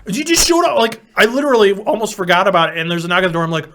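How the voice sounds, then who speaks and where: A man's voice: high voice, very fast. A young man on a casual podcast, telling crude prank-call stories with a lot of swearing. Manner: animated, profane prank-call storyteller. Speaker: podcast co-host. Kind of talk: casual chat, storytelling.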